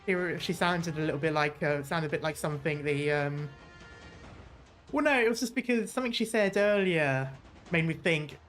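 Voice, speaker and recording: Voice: medium pitch, normal speed, fairly bright tone, soft background music. A game streamer chatting casually through a playthrough, rambling and correcting themself, swearing now and then. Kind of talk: casual let's-play commentary.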